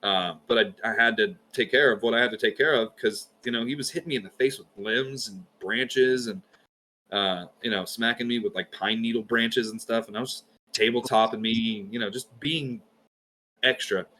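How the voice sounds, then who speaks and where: A man's voice: medium pitch, moderate pace, bright, forceful tone, a little hiss or hum. A man from Georgia with a light Southern accent, chatting as a guest and enunciating his words carefully. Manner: storytelling, precise enunciation. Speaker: podcast guest. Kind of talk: casual chat.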